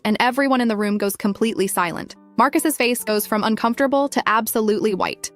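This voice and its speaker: Fast-talking young woman telling a story. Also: a little high, soft background music. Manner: brisk, dramatic first-person storytelling. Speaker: narrator. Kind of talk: scripted story narration.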